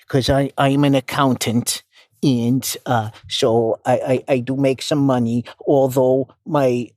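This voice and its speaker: A man with a mid-range, darkish voice close to everyday speech plays a nervous middle-aged accountant leaving a rambling voicemail, stammering, repeating words and sounding flustered. The studio recording is clean, with no room sound.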